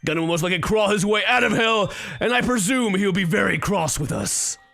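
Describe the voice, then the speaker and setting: A man reading a young royal woman's lines in a booming, grandiose, theatrical voice. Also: lively intonation, brisk, vocal fry, sharp tone, no room sound, soft background music, full character voice. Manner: grandiose, declaiming. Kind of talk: game let's play voice reading.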